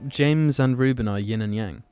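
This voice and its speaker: A man's voice: mid-range voice, normal speed, mellow, clean tone. A young man co-hosting a podcast, chatting casually and cutting in with wry jabs. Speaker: podcast co-host. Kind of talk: casual chat.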